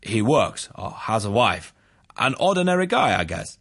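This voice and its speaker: A nervous neighbor on the witness stand, hedging with "uh"s and trailing off, as a man reads him in his own low, husky voice. His replies are halting and wary. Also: very animated, fairly bright tone, full character voice. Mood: hesitant. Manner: hesitant, with fillers.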